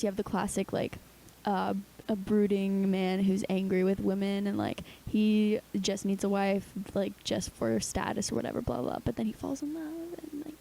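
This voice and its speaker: A woman's voice: medium pitch, gravelly, warm tone, rough recording. A young woman co-hosting a podcast, chatting casually and gushing emotionally, with lots of "like". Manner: gushing, emotional, says "like" a lot. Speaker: podcast co-host. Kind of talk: casual chat.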